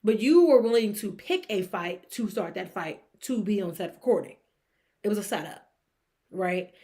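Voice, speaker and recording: A woman, co-hosting a sports gossip podcast in an opinionated, animated way, firing off rhetorical questions at her listeners. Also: normal speed. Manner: breaks into high-pitched laughing disbelief. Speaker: podcast co-host. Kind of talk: casual sports gossip commentary.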